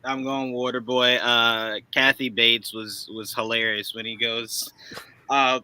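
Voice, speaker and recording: A man chatting as a panelist on a live stream in an easygoing way, laughing often and pausing on fillers. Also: mid-range voice, level tone, pushed and bright, clear, resonant tone, no room sound, rough recording. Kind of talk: casual panel chat.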